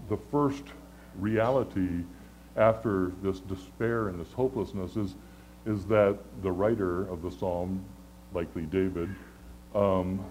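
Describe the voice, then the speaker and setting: Earnest, halting male pastor preaching. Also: fairly low pitch, a little hiss or hum, rough recording. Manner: conversational, earnest, stammering restarts, swings from pleading to hushed. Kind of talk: sermon.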